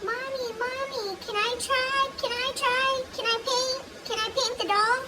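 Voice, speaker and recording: A woman voicing an eager little toddler girl who begs to paint and cheers about it, in a very high squeaky childlike voice. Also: fairly even intonation, measured pace, over loud music, poor audio. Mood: pleading.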